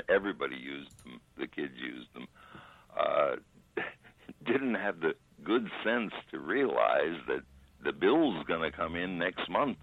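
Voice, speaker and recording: An older man chatting on a call, making slow, dry remarks. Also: very deep voice, very animated, creaky, dry recording, narrow, tinny audio. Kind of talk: casual chat.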